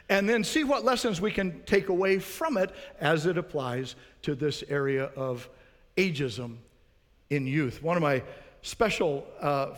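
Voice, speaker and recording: A man's voice: on the high side, big-room sound. A man preaching a sermon as pastor, earnest, putting rhetorical questions to his congregation.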